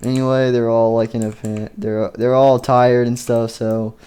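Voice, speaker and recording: A man narrates a game machinima story off the cuff, rambling through the plot and leaning on fillers like "and stuff". His voice sits at an ordinary pitch with a mellow, soft tone. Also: flat delivery, unhurried, clear, resonant tone. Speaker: video creator.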